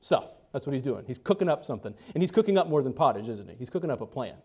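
A man preaching a sermon in an animated way, stumbling over and repeating words and acting out the quotes he reads. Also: mid-range voice, very fast, husky. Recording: dull lo-fi sound.

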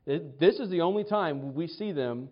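A man's voice: fairly high pitch, expressive, normal speed. A man preaching a sermon in a conversational way, often restarting and acting out quotes. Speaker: pastor. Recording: dull lo-fi sound.

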